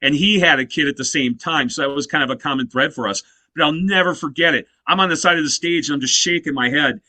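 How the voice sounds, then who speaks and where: A man's voice: fairly high pitch, fast, bright, forceful tone, no echo. A man in his fifties, a guest musician in a casual interview, telling stories animatedly and leaning on "you know" fillers. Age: 50s.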